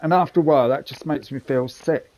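A man's voice: fairly high pitch, fast talker, warm tone. Chatty man doing gameplay commentary. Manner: chatty, jokey, rambling asides. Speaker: gaming channel host.

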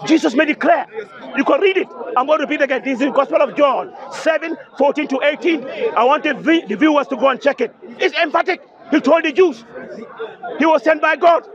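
A man's voice: extremely high pitch, brisk. A man debating religion at an outdoor speakers' corner, insistent and repetitive, citing verses emphatically. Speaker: street debater. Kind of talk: open-air religious debate. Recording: dull outdoor recording with crowd. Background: crowd noise.

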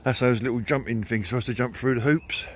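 A man's voice: medium pitch, fairly even intonation, fairly quick, slight background noise. An Englishman giving a casual running commentary outdoors in the countryside while coaxing his dog along. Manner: chatty, coaxing the dog in a sing-song voice. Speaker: vlogger walking his dog. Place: outdoors in countryside with old trees.

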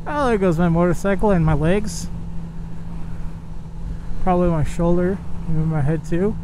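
A man vlogging from his motorcycle on a highway, talking to his viewers with excitable, profane commentary. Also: a little slow. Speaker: motovlogger. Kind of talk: casual ranting commentary while riding. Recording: loud wind and traffic noise from riding.

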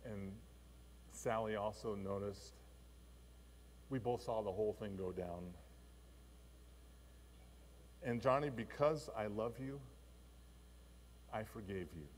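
A man doing a gentle forgiving grandma. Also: fairly low pitch, measured pace, long pauses, a little hiss or hum, close to an everyday voice. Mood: tender. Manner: gentle, soft-spoken. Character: kind, forgiving old grandmother. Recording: long church reverb.

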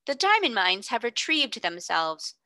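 Casting: a woman playing a cool, exact storybook solicitor, quiet and level with a faintly sly edge, bright dry voice. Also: fairly high pitch, sing-song, measured pace, no echo, full character voice. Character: calm, precise male solicitor. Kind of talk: audiobook character reading.

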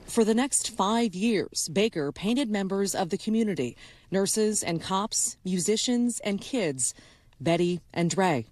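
A woman's voice: medium pitch, animated, a little slow, a little mellow, no echo. A woman narrating a feature news story in a storytelling voice-over. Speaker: news correspondent.

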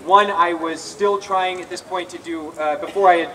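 At an outdoor rally in a public square, a man gives an earnest, confessional personal testimony as a speaker at a recovery rally, often restarting his sentences. His high voice is bright and forceful, with fairly even intonation and a normal pace. The recording is distant, with faint ambience around him.

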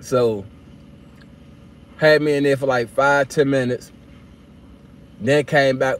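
A young man casually telling a story straight to his viewers, animated and full of slang, acting out his own replies as he goes. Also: medium pitch, slow pace, pauses often. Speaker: vlogger telling a personal story.

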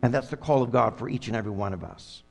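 A middle-aged man preaching a sermon as pastor, swinging between hushed and loud, impassioned delivery. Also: medium pitch, fast talker, vocal fry. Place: church sanctuary. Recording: long hall reverb.

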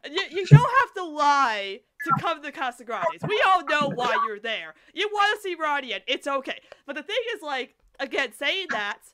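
Animated high-voiced woman podcast host. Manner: animated, rambling, quick to laugh. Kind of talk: casual fan chat about a cartoon.

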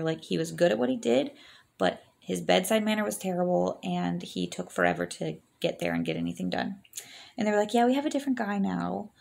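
A woman's voice: fairly low pitch, vocal fry, a little mellow. A woman in her thirties casually telling her birth story to camera, chatty and full of "like", laughing between lines and acting out what she and the doctors said.

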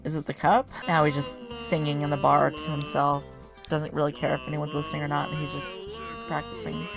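A woman's voice: low-pitched, flat delivery, brisk, vocal fry. A woman hosting a video game channel, giving chatty, casual let's-play commentary and giggling often. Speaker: gaming channel host. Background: faint game music.

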